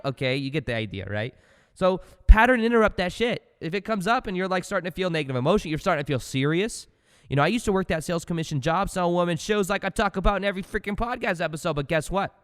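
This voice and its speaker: A man hosts a spiritual self-help podcast in a loose, animated motivational style, dropping into low asides and then jumping to loud bursts. His voice sounds smooth and resonant at a middle pitch. A long reverb trails after his words. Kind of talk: casual motivational talk.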